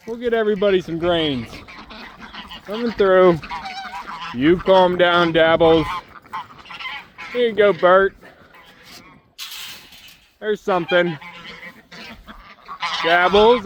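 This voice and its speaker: A man's voice: sits high, a little slow, pauses often. A man doing farm chores on his homestead, talking casually to the camera and fondly to his chickens and ducks. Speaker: homesteader vlogger. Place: outdoors on a homestead with poultry.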